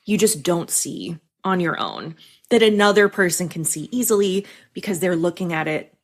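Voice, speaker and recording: A woman's voice: fairly low pitch, expressive, normal speed. A woman who coaches freelance writers, talking candidly in a casual podcast chat, swearing freely and laughing often.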